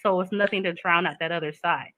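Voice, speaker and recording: A woman hosting a casual chat, talking in an animated, joking way. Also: on the low side, fast talker, no room sound, poor audio. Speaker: host.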